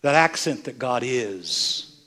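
An older man, a bishop, preaching a sermon with impassioned delivery that swings from hushed, near-whispered moments to loud, emphatic lines. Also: mid-range voice, expressive, takes it slowly.

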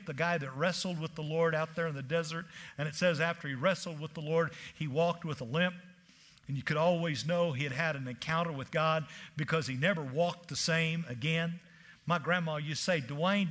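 A male preacher delivering a sermon in a high, ringing voice. He talks in animated bursts, stammering on restarts and slipping into the voices of the people he quotes.

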